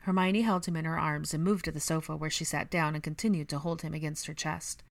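A woman narrating a story in a gentle, even storytelling manner. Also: deep voice, fast, creaky, no room sound, clean studio sound. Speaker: reader. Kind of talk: audiobook narration of fan fiction.

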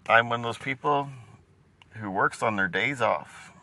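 A man in a casual, rambling vlog monologue, musing deadpan and sounding tired as he talks from a vehicle. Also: medium pitch, unhurried, vocal fry. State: tired, yawning. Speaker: vlogger.

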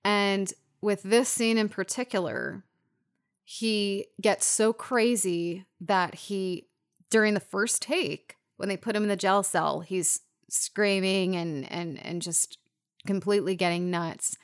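A woman co-hosts a casual podcast about a film. She talks in an animated, loose way, swears freely and retells scenes with feeling. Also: mid-range voice, slow pace. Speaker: podcast co-host.

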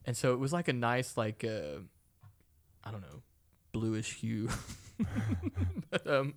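A man's voice: medium pitch, lively intonation, takes it slowly. A young man telling a rambling story in casual chat, swearing often and laughing along.

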